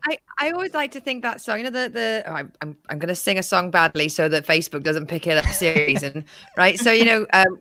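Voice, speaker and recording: A woman co-hosting a podcast who tells stories about herself in an animated, self-mocking way. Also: mid-range voice, fairly quick, no room sound. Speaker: comedian co-host. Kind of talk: casual podcast chat.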